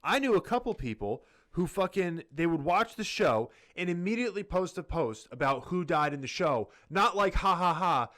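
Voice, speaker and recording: A man's voice: sits high, big pitch swings, moderate pace, few pauses, a bit bright. A man co-hosting a podcast in casual chat, ranting heatedly and swearing a lot. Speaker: podcast co-host.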